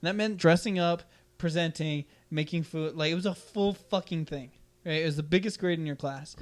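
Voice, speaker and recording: A man's voice: on the high side, a little fast. A young man hosting a podcast, telling a school story in casual chat, swearing freely and acting out the quotes. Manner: animated, profane, acts out quotes loudly. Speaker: podcast host.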